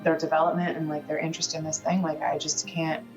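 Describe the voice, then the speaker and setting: A woman with a lowish voice plays her character over a video call. She rambles and halts, stringing thoughts together with many fillers. A faint bed of music sits behind her. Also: flat delivery, low-quality recording. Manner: halting, rambling, lots of fillers. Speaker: tabletop player.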